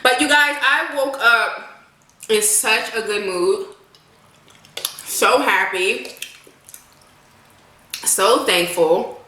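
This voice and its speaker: A woman's voice: fairly high pitch, extremely slow, pauses often, pushed and bright, reverberant, slight background noise. A woman in her late twenties chatting to viewers while eating in a casual mukbang vlog, humming as she savors the food. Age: late 20s. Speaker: mukbang vlogger. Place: home, with a plane passing overhead.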